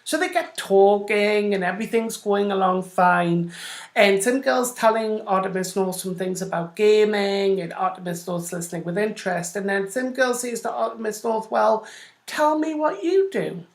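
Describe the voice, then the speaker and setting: A woman's voice: mid-range voice, moderate pace. Chatty woman host in an echoey room. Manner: rambling, chatty, addresses listeners directly. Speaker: radio show host. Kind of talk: casual explanatory talk. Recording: roomy echo.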